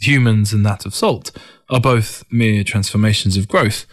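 Guy reading an audiobook, kinda low voice, calm and reflective. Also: normal speed. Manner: calm, reflective first-person storytelling. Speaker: narrator. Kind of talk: audiobook narration.

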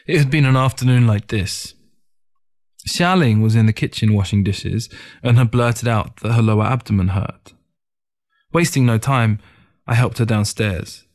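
A man narrating a first-person short story in a calm, measured, reflective reading. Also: mid-range voice. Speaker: audiobook narrator. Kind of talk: scripted narration.

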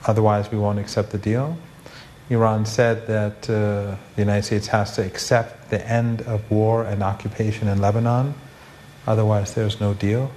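A male correspondent delivering a news report in a flat, steady way. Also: fairly low pitch, normal speed, a little hiss or hum.

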